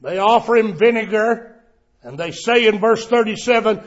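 A male pastor preaching a sermon, emphatic and drawn out, with the Bible quotes shouted. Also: high-pitched, moderate pace, highs cut off.

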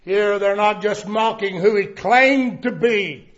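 A male pastor preaching a sermon, emphatic and drawn out, with the Bible quotes shouted. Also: sits high, slow pace, muffled recording.

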